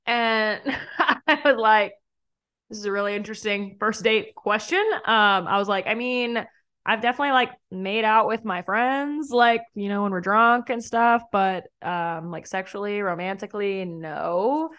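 A woman's voice: medium pitch, unhurried, a bit bright, smooth. A young woman hosting a podcast, telling a dating story in a chatty way, laughing often and acting out what was said. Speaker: podcast host. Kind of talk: casual storytelling.

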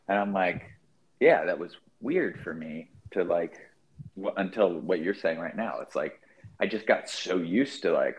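A man's voice: deep voice, expressive, moderate pace, rough recording. A man co-hosting a podcast, telling a laid-back, profane anecdote in casual chat. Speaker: podcast co-host. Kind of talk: casual storytelling.

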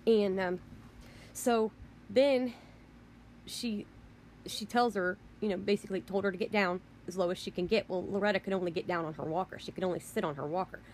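Woman, vlogger, indignant storytelling rant; mid-pitched, rambling, swears when exasperated. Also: brisk, darkish tone, slight background noise. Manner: indignant, rambling, repeats "you know" and "I mean".

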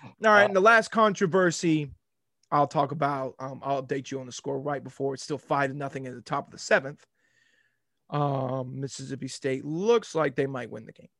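A young man hosting a sports podcast, telling a rambling, animated story in casual talk. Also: mid-range voice, normal speed, no room sound, clean studio sound.

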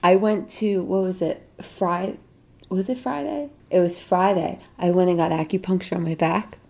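Chatty mom with a gravelly voice. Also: female voice, fairly low pitch, normal speed, darkish tone. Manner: laughs often, chatty, tells stories. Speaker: podcast co-host. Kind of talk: casual chat.

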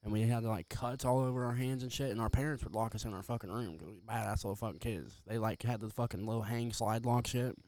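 A man's voice: lowish voice, quick pace, hardly any pauses, dry recording. A young man co-hosting a podcast, telling rambling, profane stories in casual chat. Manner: rambling, heavy profanity, animated storytelling. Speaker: podcast co-host.

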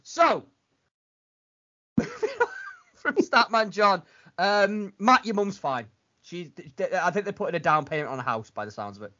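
Rambling man, slightly high voice. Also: lively intonation, a little slow, pauses often, sharp tone. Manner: rambling, restarts a lot. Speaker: podcast host. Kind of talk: casual chat. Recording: dull lo-fi sound.

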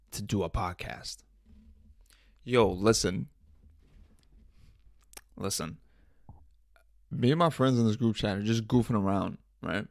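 A man's voice: lowish voice, gravelly, no room sound, clean studio sound. A young man hosting a casual solo podcast, telling stories in profane slang and laughing often. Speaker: podcast host.

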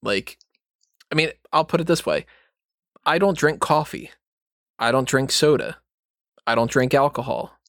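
A man's voice: on the high side, a little slow, long pauses, a bit bright, no echo, clean studio sound. A man in a casual wrestling chat, speaking bluntly and profanely in long rambling thoughts.

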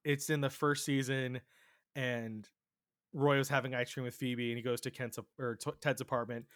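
A man hosting a podcast in casual chat, with a general Southern California accent, joking and quick with asides. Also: mid-range voice, flat delivery, a bit bright, dry recording, studio quality. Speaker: podcast host.

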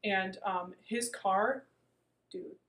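A woman's voice: mid-range voice, steady tone, very slow, fairly bright tone, poor audio. A woman in her twenties telling a dating story in casual chat, full of fillers and "like". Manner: chatty storytelling, many fillers and "like".

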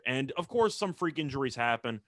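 A young man co-hosting a sports talk show, measured and analytical in his takes. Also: mid-range voice, animated, a bit bright, no room sound.

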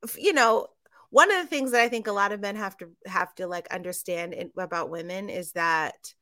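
An animated woman co-hosting a podcast in casual chat, acting out little quoted lines as she talks. Her voice is bright and forward. It was recorded close and dry, with almost no room sound. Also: mid-range voice, moderate pace, no echo. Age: adult, married. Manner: animated, talks through stories with quoted asides. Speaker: podcast co-host.

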